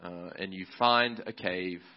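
Low-voiced pastor preaching conversationally. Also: male voice, a little slow, muffled recording. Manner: conversational, relaxed preaching with frequent restarts. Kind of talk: sermon.

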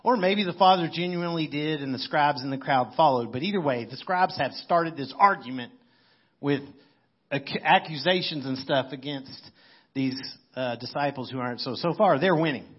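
A man's voice: on the high side, normal speed, breathy edge, muffled recording. A man preaching a sermon in a conversational way, as if thinking aloud. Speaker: pastor.

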